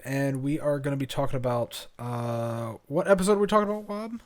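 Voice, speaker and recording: Male podcast cohost, mid pitch; relaxed, filler-heavy casual recap. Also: brisk, few pauses. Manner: laid-back, lots of ums and uhs while recapping. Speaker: podcast co-host. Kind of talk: casual chat.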